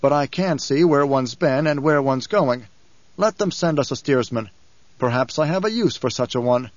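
A male narrator voicing a young emperor, calm, dry and assured, close to his own voice. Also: mid-range voice, normal speed, no echo, lo-fi sound, close to an everyday voice.

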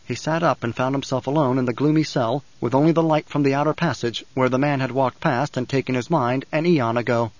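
A man narrating a novel in a measured, even storytelling manner. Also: medium pitch, no echo, dull audio. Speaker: audiobook narrator. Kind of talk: scripted narration.

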